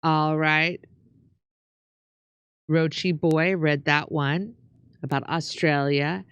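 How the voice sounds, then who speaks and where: Smooth-voiced woman reading viewer comments. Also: low voice, steady tone, slow pace, a bit bright, no echo. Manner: casual, scrolling and hesitant. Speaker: co-host.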